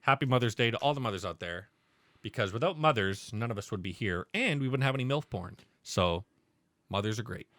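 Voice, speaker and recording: A man's voice: mid-range voice, expressive, fairly quick, a bit bright, no room sound. A man co-hosting a podcast in casual chat, telling rambling, profane jokes. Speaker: podcast co-host.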